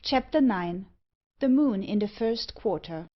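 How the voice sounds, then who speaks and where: A woman narrating an audiobook in a steady, even reading voice. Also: mid-range voice, a little slow. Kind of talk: scripted narration. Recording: slightly dull audio.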